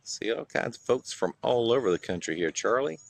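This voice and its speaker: This livestream vlogger, a Southern-accented man from North Carolina, talks fairly quickly in a mid-range, creaky voice with lively intonation. Outdoors in a small town, he greets viewers by name, reminisces, and laughs often in casual chat.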